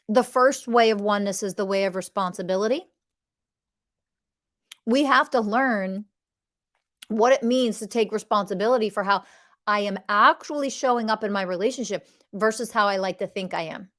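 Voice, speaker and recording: A woman's voice: mid-range voice, normal speed, long pauses, fairly bright tone. A woman hosting a podcast who teaches about relationships in an impassioned monologue, blunt and emphatic, swearing freely and acting out what partners say.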